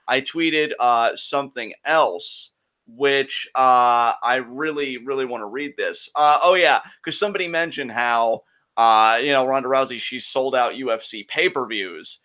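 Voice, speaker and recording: A man's voice: medium pitch, a little slow, bright, forceful tone. Brash, profane man hosting a live Q&A. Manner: profane, heated ranting. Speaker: co-host of a Q&A show. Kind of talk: casual live-stream chat.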